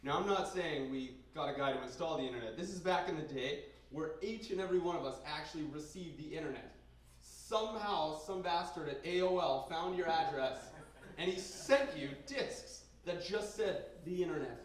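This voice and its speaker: A young man from Canada doing a crude, rambling stand-up set in a basement bar, with sudden loud outbursts. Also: a little high, animated, normal speed. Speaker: stand-up comedian. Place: basement bar comedy night. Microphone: handheld stage mic recorded by a camera in the room. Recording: very echoey basement room, heard from a distance.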